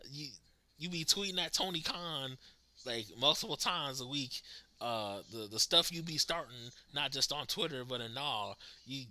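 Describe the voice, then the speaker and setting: Casting note: lively male streamer, very bright tone, pitch swinging a lot, laughs easily, talks to his chat. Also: moderate pace. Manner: animated, laughs often, talks to chat viewers. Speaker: livestream host reacting to wrestling. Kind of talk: casual live reaction chat.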